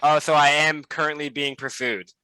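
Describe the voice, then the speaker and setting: Bright, crisp-voiced man rambling in play. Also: on the high side, steady tone, moderate pace, low-quality recording. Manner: rambling, self-mocking. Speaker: player. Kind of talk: casual game chat.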